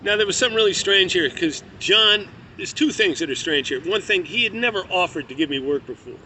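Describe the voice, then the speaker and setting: Male storyteller, high-pitched, very sharp, bright tone; candid and profane, casual delivery. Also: lively intonation, brisk, slight background noise.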